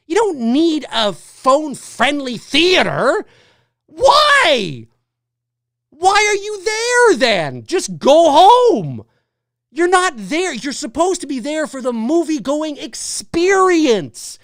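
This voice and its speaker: A man hosting a live movie talk show, ranting in exasperation, repeating rhetorical questions, swearing and bursting into shouts. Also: very high voice, dry recording, clean studio sound. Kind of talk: ranting solo commentary.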